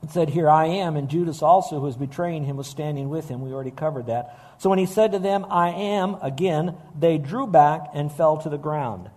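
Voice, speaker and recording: A man preaching a sermon, earnest and emphatic, slowing down to stress key phrases. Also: fairly high pitch, darkish tone. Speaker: pastor.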